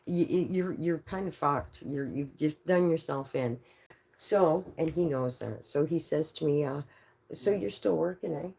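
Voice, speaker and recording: A woman from Canada telling a rambling, profane story live to an audience, full of quick asides. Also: lowish voice.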